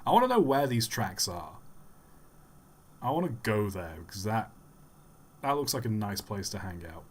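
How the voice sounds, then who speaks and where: A man's voice: lowish voice, sing-song, normal speed, husky. A man live-streaming and giving rambling, wry commentary with the odd chuckle.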